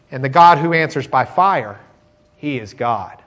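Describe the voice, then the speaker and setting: A man teaching a sermon, telling a Bible story with animated acted-out quotes. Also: mid-range voice, measured pace.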